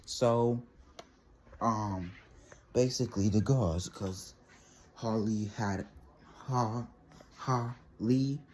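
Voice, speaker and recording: A teenage boy rambling through a casual story, animated and laughing often. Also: fairly low pitch, slow pace, long pauses, a little hiss or hum. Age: teens. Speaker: vlogger.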